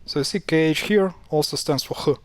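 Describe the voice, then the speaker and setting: A man's voice: a little high, fairly quick, no echo. Chatty man explaining pronunciation. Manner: chatty, exasperated at mispronunciations, frequent fillers and restarts. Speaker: language explainer. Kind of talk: casual screen-share explainer.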